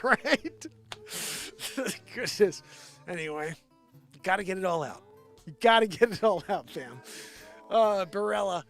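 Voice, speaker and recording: A man hosting a live stream, chatting and ranting in an excitable, profane way. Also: sits high. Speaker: live show host. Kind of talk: live stream chat and rant. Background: faint background music.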